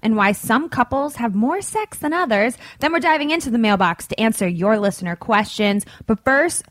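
A woman's voice: fairly high pitch, expressive, moderate pace, a bit bright, no echo. A woman in her thirties co-hosting a podcast in an upbeat, chatty way. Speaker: podcast co-host. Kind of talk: casual chat.

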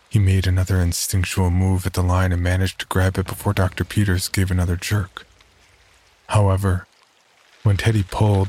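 Deep-voiced man narrating a horror story. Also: slight background noise. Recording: narration over loud music.

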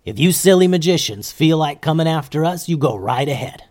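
A no-nonsense ninja leader in a children's story, as a man plays the part. The voice rises a little above his usual and gets loud when scolding. Everything comes out clipped and bossy. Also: a little high, animated, fairly quick, pitched above the performer's own voice, lightly acted. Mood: stern. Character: stern, precise ninja leader.

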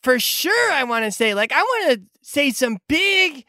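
A woman's voice: sits high, very animated, measured pace, sharp tone, dry recording, studio quality, exaggerated voice. A woman voicing a brash young bar worker who swears casually, in a comedic tabletop game.

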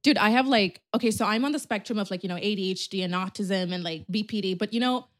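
A young woman co-hosting a podcast, talking candidly in a rambling, animated way about her own thoughts and habits. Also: medium pitch, fast talker. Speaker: podcast co-host. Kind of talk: casual chat.

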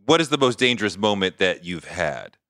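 A man hosting a podcast, asking lively, enthusiastic questions. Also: low voice, fairly quick, dry recording, studio quality. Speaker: podcast host. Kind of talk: interviewing.

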